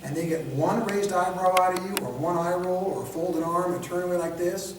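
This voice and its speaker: A man's voice: high-pitched, fairly even intonation, a little fast, noisy background. A man teaching a de-escalation training class, lecturing animatedly and acting out examples in mocking voices. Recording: echoey room, recorded from far off.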